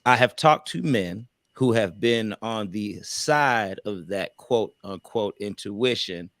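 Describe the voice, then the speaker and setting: A man's voice: lowish voice, expressive, slow pace, fairly bright tone, no room sound, clean studio sound. A man co-hosting a casual relationship panel discussion, emphatic and preachy, with loose vernacular speech. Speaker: podcast co-host.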